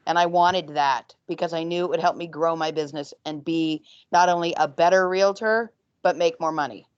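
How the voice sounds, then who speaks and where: A woman's voice: sits low, smooth, no room sound. Froggy-voiced woman agent, emphatic and repetitive, dull dry call line. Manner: emphatic, repetitive, talks in rushes. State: slightly froggy voice. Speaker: real estate agent. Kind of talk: video call panel interview. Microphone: video call.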